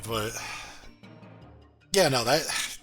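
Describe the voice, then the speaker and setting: Bright-voiced laughing male co-host. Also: mid-range voice, animated, drawn-out words, faint music behind. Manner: laid-back, laughs often, swears casually. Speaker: podcast co-host reviewing a cartoon. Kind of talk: casual chat.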